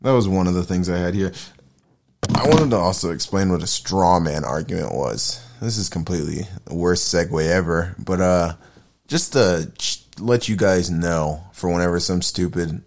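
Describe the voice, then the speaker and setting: A man's voice: low-pitched, normal speed. A man hosting a podcast in a casual monologue, rambling, profane and self-deprecating. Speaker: podcast host.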